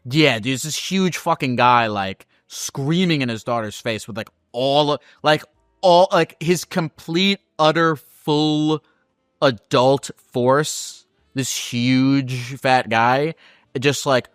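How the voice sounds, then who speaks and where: A man hosts a call-in advice show and talks loosely, stumbling and restarting while he swears casually. His voice is smooth and clear at a middle pitch. It sounds dry, with no room echo. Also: a little slow, a bit bright.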